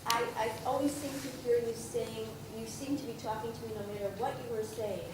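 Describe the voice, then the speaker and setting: A woman congregant earnestly sharing a personal reflection, with some halting restarts. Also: fairly high pitch, fairly even intonation, noisy background. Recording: echoey room picked up from far off.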